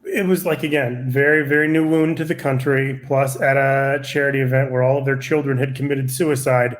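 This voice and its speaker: A man in his forties, a stand-up comedian, telling a profane and animated anecdote in a casual podcast chat. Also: mid-range voice, brisk.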